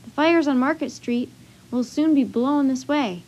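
A woman voicing a hurried grown man who is saving old books, speaking in a brisk, urgent way for a storybook read-aloud. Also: sits high, darkish tone, highs cut off, close to an everyday voice.

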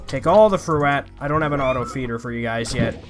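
A man's voice: medium pitch, expressive, a little fast, over music. A young man giving playful, chatty let's-play commentary, talking to the creatures in his game. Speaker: gaming YouTuber.

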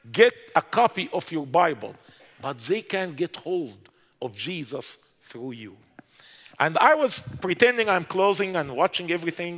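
Giving a preached account of his conversion, this high-voiced Egyptian man fills a reverberant hall with a fairly bright tone. He grows impassioned, then urgent in his exhortation. He speaks in halting, non-native grammar.

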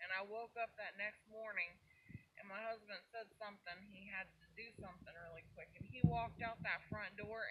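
A woman's voice: mid-range voice, moderate pace, slight background noise, rough recording. A grieving mother speaks in an earnest, heartfelt way about faith and loss, her voice rising with emotion. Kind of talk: personal testimony vlog.

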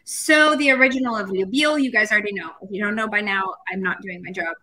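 A woman's voice: mid-range voice, fast talker, bright, forceful tone, rough recording. A woman teaching a language lesson on a live stream, explaining step by step and chatting with viewers. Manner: chatty, explains step by step, reads chat comments.

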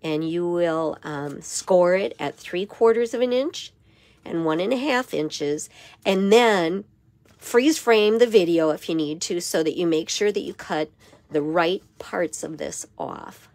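A hoarse woman with a raspy voice giving a step-by-step papercraft tutorial in her craft studio. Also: lowish voice, big pitch swings, measured pace, darkish tone, no room sound. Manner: step-by-step instruction with frequent okays. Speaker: papercraft demonstrator.

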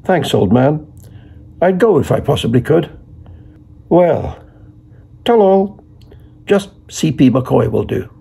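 A man's voice: fairly high pitch, big pitch swings, takes it slowly, gravelly, long pauses, warm tone, husky, full character voice. A man reading the part of a chatty, eager middle-aged Dubliner who ingratiates himself while asking favors.

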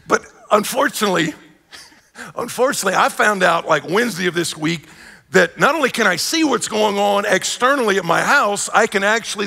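A man preaching a sermon as pastor, telling stories with lively acted-out quotes. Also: sits high, gravelly. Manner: animated storytelling with acted-out quotes. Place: church sanctuary. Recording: live church hall reverb.

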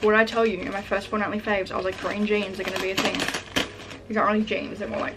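A young woman vlogger chatting casually while unboxing packages at home, gushing and excitable, full of "like" fillers. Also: mid-range voice, fast, heavy background noise. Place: room at home. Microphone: camera set up in front of her.

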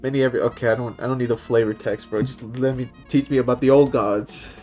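Man, game streamer, casual commentary, middle pitch, reads game text aloud, excited high-pitched outbursts, soft guitar music behind. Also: quick pace, few pauses.

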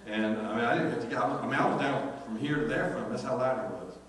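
A man's voice: medium pitch, rapid-fire, a bit bright, slight background noise. A man preaching a sermon as pastor, telling a folksy story with many repeated words. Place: church sanctuary. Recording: echoey church hall, distant mic.

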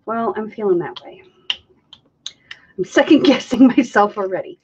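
A woman's voice: medium pitch, normal speed, pauses often, lo-fi sound, slight background noise. A woman hosting a live craft demonstration, chatting casually and thinking aloud as she mixes and counts. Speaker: acrylic pouring artist hosting a live stream.

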